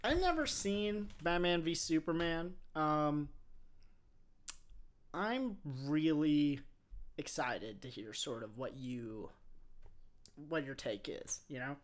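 A man's voice: on the high side, lively intonation, slow, long pauses. A man co-hosting a comedy podcast, reacting in short laid-back remarks. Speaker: podcast co-host. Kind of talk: casual chat.

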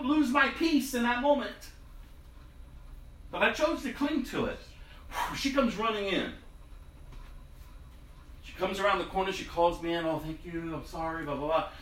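A man's voice: extremely high pitch, a bit bright, roomy sound, recorded from a distance, poor audio. A man preaching a sermon in a conversational, storytelling way. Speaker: pastor.

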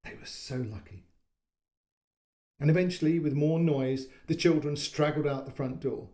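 A man narrating a short story in a calm, measured way, giving voice to the quoted lines. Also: fairly high pitch. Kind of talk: audiobook-style story narration.

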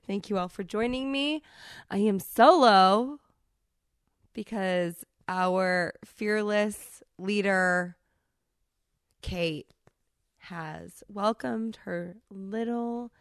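A woman's voice: mid-range voice, vocal fry, no echo, studio quality. A woman in her thirties hosting a solo podcast, talking candidly with a stuffy, congested voice and frequent restarts. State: congested from a cold. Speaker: podcast host.

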